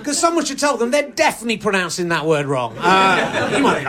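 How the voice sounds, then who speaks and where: A man doing a stand-up comedy set on stage, deadpan and ironic, sometimes working himself up into mock outrage. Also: high voice, brisk, few pauses, crowd noise. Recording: live audience laughter. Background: audience laughing.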